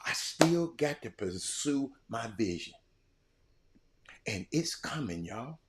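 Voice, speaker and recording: An older man giving an impassioned monologue as a show host, repeating himself and swinging between loud outbursts and quiet, reflective stretches. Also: mid-range voice, very animated, slow pace, a little hiss or hum. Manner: fiery, repetitive, swinging from shouting to quiet.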